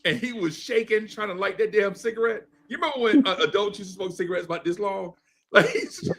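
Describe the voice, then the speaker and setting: A man's voice: sits high, sing-song, brisk, a bit bright. A man in his fifties telling a story in a laid-back podcast chat, laughing often and asking "right?" after his points. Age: 50s. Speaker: podcast co-host. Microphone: streamed podcast mic.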